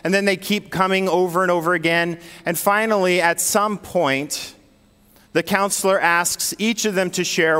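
A man's voice: sits high, measured pace, sharp tone, clean tone, big-room sound. A man preaching a sermon as pastor, telling a story in a conversational way. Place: church sanctuary.

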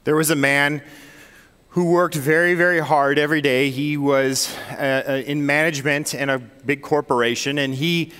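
A man's voice: fairly high pitch, fairly even intonation, normal speed, pushed and bright, clear, resonant tone, in a large hall. A man preaching a sermon as pastor, telling a story in a conversational way. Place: church sanctuary.

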